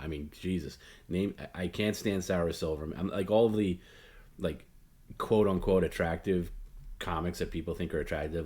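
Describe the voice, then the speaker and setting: Low-voiced blunt rambling man. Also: darkish tone. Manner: rambling, opinionated, blunt with many fillers and restarts. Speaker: host. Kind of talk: late-night solo talk stream.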